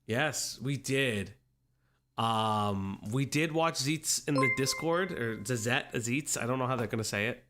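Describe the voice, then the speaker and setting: A man's voice: medium pitch, measured pace, bright, forceful tone. A man hosting a casual livestream from home on a desk microphone, greeting chat in a playful sing-song way and rambling in asides. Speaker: livestream commentary host. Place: home streaming room.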